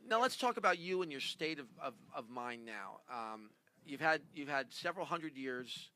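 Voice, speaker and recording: A man's voice: medium pitch, animated, normal speed, pushed and bright, a little hiss or hum. A man hosting a comedy talk show, stammering and laughing through his questions. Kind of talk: improvised comedy interview.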